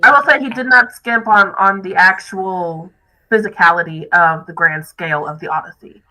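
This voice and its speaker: A woman's voice: on the low side, steady tone, moderate pace, bright, forceful tone, low-quality recording. A woman co-hosting a podcast, speaking candidly and critically in casual chat. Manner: critical, candid, self-deprecating. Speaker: podcast co-host.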